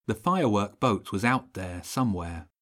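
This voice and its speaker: A man reading a children's audiobook in steady, measured narration. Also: on the low side.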